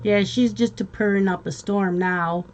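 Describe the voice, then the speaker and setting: A woman's voice: medium pitch, steady tone, measured pace, darkish tone, slight background noise. A woman hosting a casual live stream, chatting with viewers and calling to her pets.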